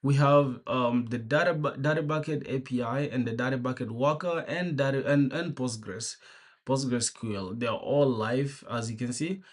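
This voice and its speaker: A man's voice: mid-range voice, a little slow. A young man streaming himself programming, talking through his work in a laid-back, slangy way and greeting viewers as they arrive. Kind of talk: casual live-stream commentary.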